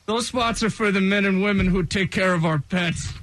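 A man voicing Santa as a blunt, teasing old man on a radio comedy bit, with gruff insulting punchlines. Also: high-pitched, normal speed, fairly bright tone, low-quality recording. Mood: scolding. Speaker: radio show bit character.

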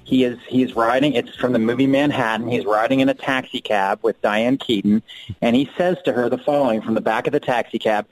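A man's voice: medium pitch, fairly even intonation, fairly quick, no echo, rough recording. Chatty male guest calling in. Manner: enthusiastic, chatty. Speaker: guest screenwriter. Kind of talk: casual chat. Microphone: phone call.

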